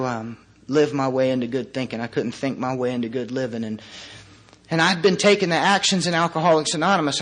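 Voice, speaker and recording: Speaking to a live audience in a meeting room, a man in his thirties shares his recovery story in a slightly high, fairly bright voice. He's earnest and halting, pausing often between phrases, with the occasional wry self-deprecating joke.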